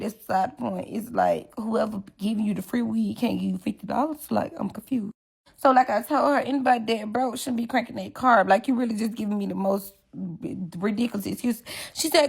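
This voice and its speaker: A woman's voice: fairly high pitch, creaky, husky. A young woman, telling a story about a friend in an emphatic, indignant way and acting out both sides of the argument. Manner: emphatic, indignant, acts out quotes. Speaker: storyteller recounting a falling-out. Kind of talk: casual story-time vlog.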